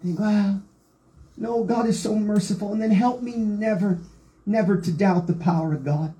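A woman's voice: mid-range voice, normal speed, mellow, low-quality recording. A woman preaching a Pentecostal sermon, reading scripture aloud with fervent, rousing delivery.

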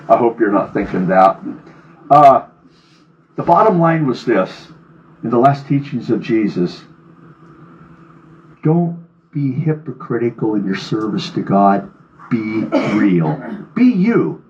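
A man's voice: medium pitch, animated, takes it slowly, long pauses, a little mellow, muffled recording. A man preaching a sermon, reading scripture aloud with rising fervor and then speaking plainly to his congregation. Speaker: pastor.

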